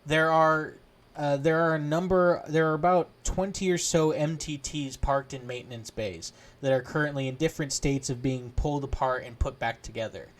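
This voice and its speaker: A man narrating a tabletop game as game master, halting, with many restarts and fillers. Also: a little high.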